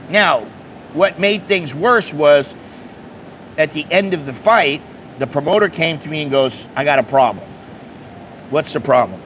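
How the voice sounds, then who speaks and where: An American travel vlogger with a slightly high, a bit bright voice speaks unhurriedly, pausing often, on dull lo-fi audio with a faint hum. In a casual monologue he shares travel stories bluntly, swearing and acting out dialogue with the people he meets.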